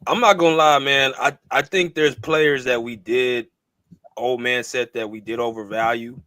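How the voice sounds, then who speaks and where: A man's voice: mid-range voice, steady tone, normal speed, sharp tone, no room sound. A man hosting a live basketball podcast, laid-back and slangy, speaking to viewers in the chat. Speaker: podcast host. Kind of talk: casual sports chat.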